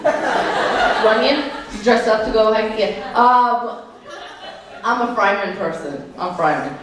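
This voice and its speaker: On a comedy club stage, a New York woman performs brash, self-mocking live stand-up in a fairly high, fairly bright voice, taking her time. The mic sits at a distance in an echoey live room, with audience laughter in the background.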